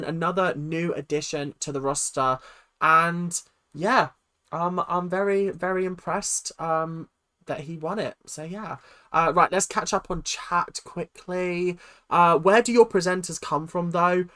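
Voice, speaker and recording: A man's voice: a little high, a bit bright. A young man hosting a livestream, chatting casually with a rambling, self-deprecating manner that trails off with fillers. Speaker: livestream host.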